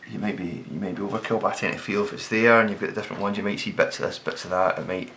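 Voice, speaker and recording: A man talking casually as he sketches, thinking aloud, correcting himself and sometimes dropping to a quiet mutter. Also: on the low side, racing, a little hiss or hum. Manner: relaxed, thinks aloud, self-correcting, drops to mutters while working. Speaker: designer sketching on camera. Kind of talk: casual commentary while sketching.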